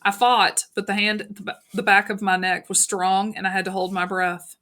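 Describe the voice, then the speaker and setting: Woman reading in a level, flat tone. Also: medium pitch. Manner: even, unhurried reading with small slips. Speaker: audiobook narrator. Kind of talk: reading a novel aloud.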